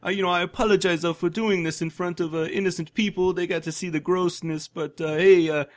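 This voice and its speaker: A man putting on a high, halting voice for an overly cordial, apologetic man. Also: fairly even intonation, lightly acted. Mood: mock-polite.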